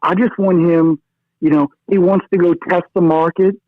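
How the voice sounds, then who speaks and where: Ranting New caller on a tinny phone line. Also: male voice, sits high, fairly even intonation, moderate pace, dry recording. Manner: fired-up, ranting, peppers lines with "okay?" and "brother". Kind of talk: phone-in sports rant.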